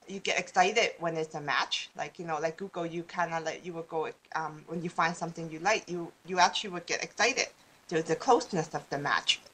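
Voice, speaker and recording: A woman with a somewhat low voice talks as a guest on a casual podcast. She rambles, breaks off and restarts her sentences, and laughs easily as she explains her ideas. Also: sharp tone. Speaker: guest speaker on law of attraction.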